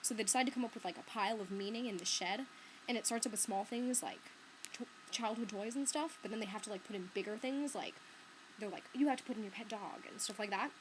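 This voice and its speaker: A woman's voice: mid-range voice, fast. Give me a rambling young woman on a laptop webcam, light hiss in the background. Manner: chatty, filler-heavy, lots of "like" and "um". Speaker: book vlogger. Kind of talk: casual vlog chat. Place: bedroom. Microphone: laptop webcam mic.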